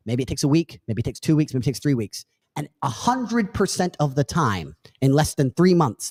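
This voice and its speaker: A man's voice: mid-range voice, a little mellow, breathy edge, in a large hall. A man in a played clip telling a story in a brash, swearing way, acting out other people's voices. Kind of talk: storytelling with acted quotes.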